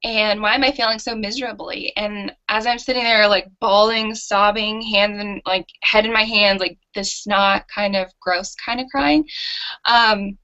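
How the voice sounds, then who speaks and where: Lively woman entrepreneur telling her story. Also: mid-range voice, measured pace. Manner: animated and self-mocking, with laughs. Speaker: entrepreneur guest. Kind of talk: candid storytelling interview. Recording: dull lo-fi audio.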